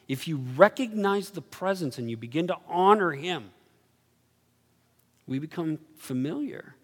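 A man preaching a sermon, telling stories animatedly and swinging from low murmurs to excited highs. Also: normal speed, slightly rough. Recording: reverberant hall.

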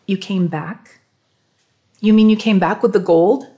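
Woman doing soft breathless caring lady, worried a lot. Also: mid-range voice, fairly even intonation, measured pace, natural voice. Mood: alarmed. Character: caring, spirited woman, adult.

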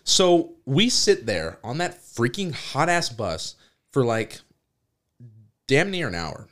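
A man's voice: mid-range voice, sing-song, slow, a bit bright. A young man hosting a podcast, telling a road trip story in a casual, laughing way. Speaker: podcast host.

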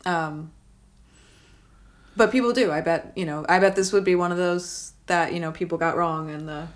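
A woman in her thirties with a slightly low voice chats about films as a podcast co-host. She talks in an animated, loose way, swearing casually and trailing off into restarts. Her delivery is relaxed and conversational. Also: moderate pace. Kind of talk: casual movie chat.

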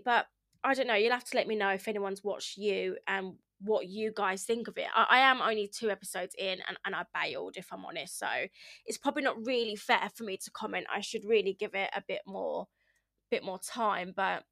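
This is a thirty-something woman chatting casually to camera. She rambles from one thought to the next, swears freely and laughs often. Her voice sits at an ordinary woman's pitch and sounds close and dry, with no room echo. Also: a bit bright. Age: 30s. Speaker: vlogger.

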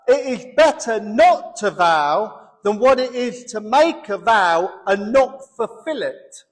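A pastor preaching a sermon in an animated way, breaking into comic voices and building to loud emphasis. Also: male voice, extremely high pitch. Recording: long hall reverb.

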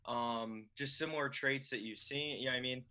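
A man's voice: medium pitch, fairly even intonation, a little fast, sharp tone, low-quality recording. A man hosting an interview, asking long, meandering questions full of fillers. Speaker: interview host.

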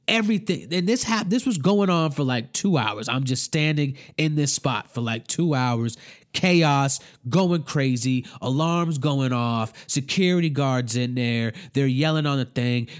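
Brief: a fairly high-voiced man telling a wild story, loose and foul-mouthed. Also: a little slow. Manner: animated, swearing, acts out every voice. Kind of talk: casual profane storytelling.

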